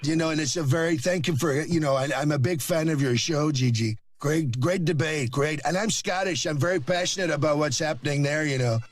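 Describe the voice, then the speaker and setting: A boastful older politician, rambling and self-praising in quick asides, pitched a little high, as a man puts him on. Faint music plays underneath the clip. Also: lightly acted.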